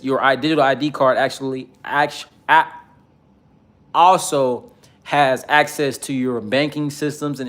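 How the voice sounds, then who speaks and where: A man delivers a casual commentary monologue in a mid-pitched voice. He rambles, fills his pauses with constant uh's, and speaks bluntly with profanity. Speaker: political commentator.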